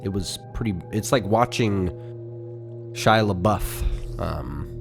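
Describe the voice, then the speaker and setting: A man's voice: fairly low pitch, animated, takes it slowly, creaky, music in the background. A man co-hosting a podcast, chatting casually and rambling with fillers. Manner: rambling, with many fillers and laughs. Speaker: podcast co-host. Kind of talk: casual chat.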